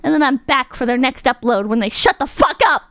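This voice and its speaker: A woman's voice: high voice, brisk, fairly bright tone, no room sound, studio quality. A woman streamer chatting casually while reacting to videos, rambling through tangents, cursing freely and laughing often.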